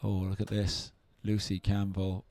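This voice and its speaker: A man calls a surf contest live, his low voice eager and conversational as he banters with his co-commentator. The sound is close and dry, with no room around it. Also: completely flat delivery, measured pace, a little mellow, no room sound. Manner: chatty, enthusiastic banter with co-host.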